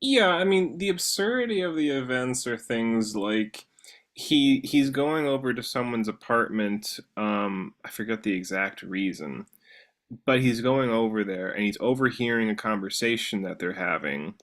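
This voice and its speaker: A man in a casual book discussion, rambling through plot points with frequent fillers and false starts. His voice sits at a middle pitch, relaxed and conversational. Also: moderate pace. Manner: rambling, many fillers and restarts. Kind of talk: casual chat.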